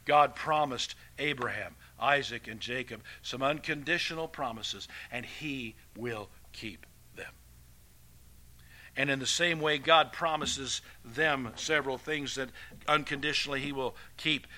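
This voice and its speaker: A man preaching a sermon with animated delivery, swinging from loud emphatic passages to quiet, hushed ones. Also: mid-range voice, a little slow.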